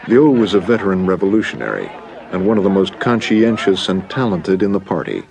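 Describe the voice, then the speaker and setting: A man giving measured, grave scripted documentary narration. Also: low-pitched, sing-song, creaky, darkish tone, a faint crowd, a little hiss or hum.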